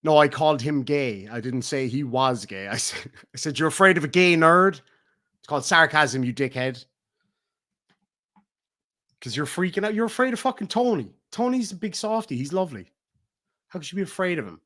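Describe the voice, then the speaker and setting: A middle-aged Irish man rants on a livestream, full of swearing and mockery. His voice sits a little high. He jumps from loud bursts to low mutters. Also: very animated, normal speed, long pauses. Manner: profane, taunting, swings between loud and muttered. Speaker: streamer. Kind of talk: heated livestream rant.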